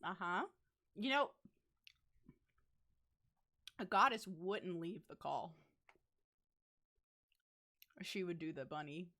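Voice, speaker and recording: A woman's voice: fairly low pitch, lively intonation, slow pace, pauses often, bright, forceful tone. A young woman streamer chatting casually on a stream, teasing and giggly. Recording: faint music behind.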